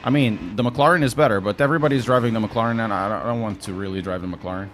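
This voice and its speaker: A man's voice: fairly low pitch, fast, a little hiss or hum. A young man with a Portuguese accent from Portugal, chatting casually to his stream chat while sim racing, wry and talkative.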